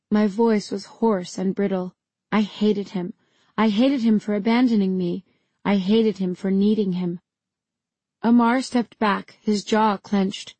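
Mellow woman narrating an audiobook. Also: mid-range voice, fairly even intonation, a little slow, dry recording. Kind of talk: scripted first-person narration.

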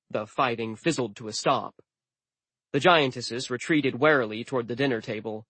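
A man's voice: mid-range voice, normal speed, fairly bright tone, breathy edge, dry recording. A man narrating a story in the first person with a dry, wry manner. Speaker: audiobook narrator.

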